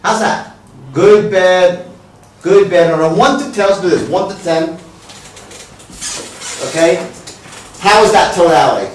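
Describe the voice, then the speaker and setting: Profane sales trainer in an echoing room. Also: male voice, high voice, a little slow, long pauses, a little hiss or hum. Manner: blunt, profane, swings into loud exaggerated demonstrations. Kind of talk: live sales training talk. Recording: very echoey room, speaker far from mic.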